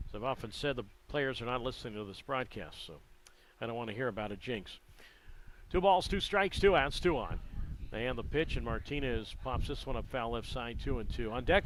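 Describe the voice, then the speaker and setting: A man calling a baseball game play-by-play, his delivery measured and conversational with the odd dry aside. His voice sits at an ordinary middle pitch. A faint hum of background noise runs under him. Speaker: play-by-play announcer.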